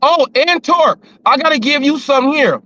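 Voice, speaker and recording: A man's voice: very high-pitched, moderate pace, sharp tone, no room sound, muffled recording. A man hosting a casual talk show, rambling and riffing with jokes and repeated phrases. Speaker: show host.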